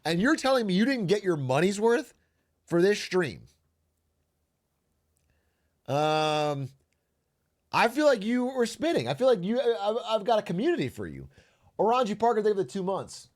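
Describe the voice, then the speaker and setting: A man's voice: on the high side, very animated, moderate pace. A man chatting casually on a livestream, joking and reading messages from chat aloud. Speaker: streamer.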